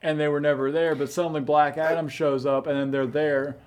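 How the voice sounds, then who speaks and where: A man's voice: a little high, little pitch movement, brisk, a little mellow. A man casually reviewing a film with a friend, rambling and hesitant with many fillers. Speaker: movie reviewer. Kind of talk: casual movie review chat.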